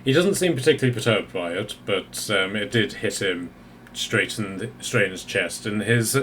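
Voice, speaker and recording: A man's voice: lowish voice, expressive, a bit bright, a little hiss or hum. Man narrating as game master. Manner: halting, pauses mid-sentence to find words.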